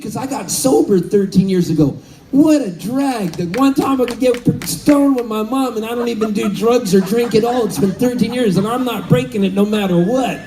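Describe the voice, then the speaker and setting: A man in his fifties from Southern California, telling a story on stage between songs, animated and laughing, calling out to the crowd. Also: high voice, slight background noise, poor audio. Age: 50s. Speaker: musician. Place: live concert stage.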